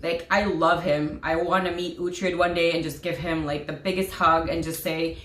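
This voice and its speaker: A woman vlogger talks in a casual, gushing way, full of fillers and little laughs. Her voice sits a bit low for a woman. The room around her has a noticeable echo. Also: steady tone, normal speed, few pauses, fairly bright tone. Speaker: vlogger reviewing a TV series. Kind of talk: casual chat. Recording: echoey room.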